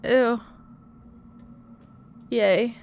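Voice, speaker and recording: A young woman streaming live and talking casually to her chat at a desk microphone. Her voice sits a little high and carries a gravelly vocal fry. She sounds frustrated with herself and keeps talking things through aloud. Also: fairly even intonation, extremely slow, darkish tone.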